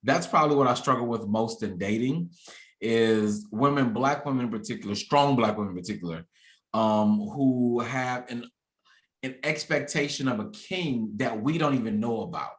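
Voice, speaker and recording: A man's voice: mid-range voice, moderate pace. Candid man in his thirties, echoey room. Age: 30s. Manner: candid, reflective, with many restarts. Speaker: podcast host. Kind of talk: casual conversation.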